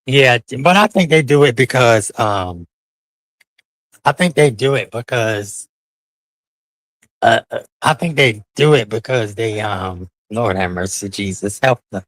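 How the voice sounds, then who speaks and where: A man's voice: medium pitch, unhurried, pauses often, a bit bright, no echo, low-quality recording. A man hosting a casual live stream while walking city streets at night, flamboyant and profane, calling his viewers honey with sing-song outbursts.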